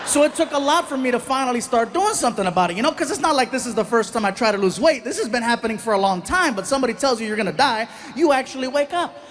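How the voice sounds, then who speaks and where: A man telling stand-up comedy stories in an animated, self-mocking way. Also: extremely high pitch, fast, few pauses. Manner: animated, self-mocking, acts out the voices of others.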